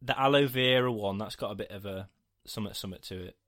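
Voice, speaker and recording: A man's voice: lowish voice, a little fast, a bit bright. A man co-hosting a podcast in casual chat, dry and matter-of-fact, steering the segments. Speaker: podcast co-host.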